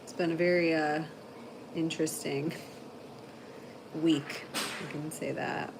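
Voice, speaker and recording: A woman hosting a casual livestream, telling long rambling stories full of "like" and quick laughs. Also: deep voice, flat delivery, background noise. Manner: chatty storyteller, heavy "like" filler, frequent laughter. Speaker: livestream host.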